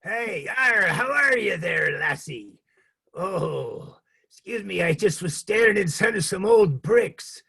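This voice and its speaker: A woman's voice: medium pitch, animated, slow pace, creaky, sharp tone, breathy edge, voice pushed down, exaggerated voice. A performer voicing a pirate-like man with an eye patch on a comic date, growling his words. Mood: gruff. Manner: growling "arr", pirate talk. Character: gruff pirate-like male Tinder dater with an eye patch. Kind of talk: improv comedy scene.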